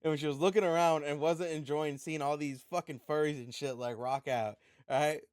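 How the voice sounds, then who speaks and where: A man's voice: on the high side, fairly even intonation, fairly quick, darkish tone, no room sound. Brief: man, podcast guest, swears freely, rambling anecdote, dry close sound. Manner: profane, rambling storyteller. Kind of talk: casual chat.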